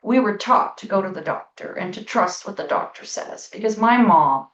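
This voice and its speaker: A middle-aged woman hosting a spiritual talk show, telling a story in a casual, emphatic way and stretching out key words slowly. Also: medium pitch, animated, distant mic. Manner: storytelling, emphatic, with slow drawn-out stresses. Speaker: spiritual podcast host. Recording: echoey room, off-mic, dull sound.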